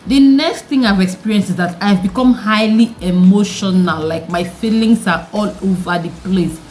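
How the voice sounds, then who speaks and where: Deep-voiced young woman vlogging. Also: normal speed, a little hiss or hum. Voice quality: deep, mature-sounding voice. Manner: animated, chatty, rhetorical questions to viewers, frequent laughs. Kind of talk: candid vlog chat to camera.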